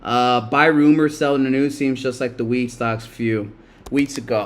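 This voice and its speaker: A man's voice: medium pitch, steady tone, normal speed. Profane, chatty stock-stream host, a man. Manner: loose, profane, talks to chat, laughs a lot. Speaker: livestream stock market host. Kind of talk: casual live-stream commentary.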